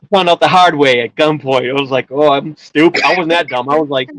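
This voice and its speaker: A man's voice: on the high side, fast, a bit bright, rough recording. A man telling a long personal story in casual chat, rambling with many restarts and filler words. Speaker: guest storyteller.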